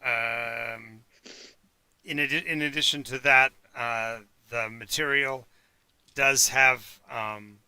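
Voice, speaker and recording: A man serves as game master for a tabletop game on a live stream, his voice very bright and forward. He is recorded dry and close, with no room sound. He pauses and restarts a lot and fills the gaps with "uh" and "um". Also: mid-range voice, steady tone, clean tone, no echo. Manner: halting, with many fillers and restarts. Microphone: home mic for a live stream.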